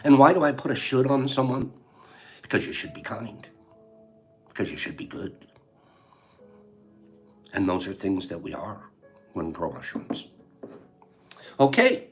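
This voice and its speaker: A man's voice: medium pitch, huge pitch swings, unhurried, pauses often, soft background music. An older man hosting a casual live chat, playful and joking, laughing often and reading out viewers' answers. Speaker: livestream host.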